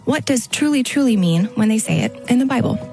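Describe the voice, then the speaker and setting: A woman's voice: fairly high pitch, animated, dark tone, faint music behind. A woman show announcer giving a polished scripted announcement. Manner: brisk, polished read.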